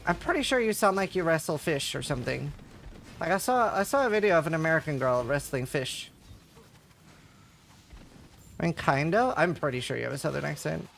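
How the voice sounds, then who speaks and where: A man's voice: fairly high pitch, expressive, fast, vocal fry, a bit bright, a little hiss or hum. A man streaming a game, chatting casually and answering his viewers' messages in a joking way. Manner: chatty, jokey, reads and answers chat aloud. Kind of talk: casual chat with live viewers while gaming.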